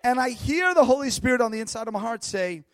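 High-voiced preacher man, lively and laughing. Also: fast, clear, resonant tone, no room sound. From United States. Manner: lively, laughing, bursts into shouts. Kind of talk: storytelling sermon.

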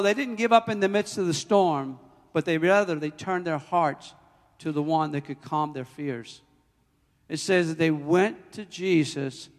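A man preaching a sermon as pastor, emphatic, swinging between loud declarations and hushed, personal storytelling. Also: fairly high pitch, long reverb tail.

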